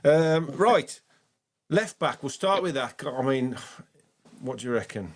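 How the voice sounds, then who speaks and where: A man's voice: medium pitch, lively intonation, measured pace. A man with a Black Country accent hosting a fan phone-in show, chatty and enthusiastic with callers. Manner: chatty and enthusiastic, says mate a lot. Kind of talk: casual phone-in chat.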